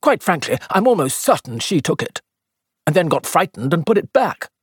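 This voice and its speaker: A woman's voice: on the low side, big pitch swings, normal speed, husky, dry recording, clean studio sound, pitched above the performer's own voice. A woman reader voicing a self-important, gossiping older spinster who disapproves of her neighbours. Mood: gossipy, self-important.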